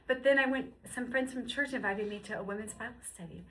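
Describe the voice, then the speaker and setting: A woman in her fifties shares an emotional personal testimony with a bright, forceful tone and a slightly raised pitch. She drops into hushed whispers, then climbs into excited, high outbursts. A faint hum of background ambience sits behind her voice. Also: fast, few pauses, low-quality recording. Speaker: guest sharing testimony.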